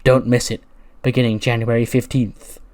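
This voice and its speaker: A man voicing a smarmy, flirtatious male wrestler who talks smoothly and softly. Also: mid-range voice, little pitch movement, normal speed, no echo, close to an everyday voice.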